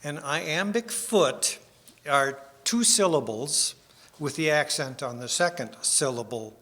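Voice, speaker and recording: Slow, bright-voiced man preaching in a hall. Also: on the high side. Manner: unhurried, self-deprecating, with small restarts. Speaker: speaker giving a split sermon. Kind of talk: sermon with slides. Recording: long hall reverb.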